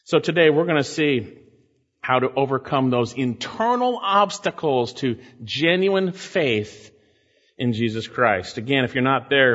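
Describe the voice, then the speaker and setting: A man preaching a sermon, emphatic, repeating key phrases and slowing down to stress scripture. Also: medium pitch, expressive, a bit bright. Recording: dull long-reverb hall sound.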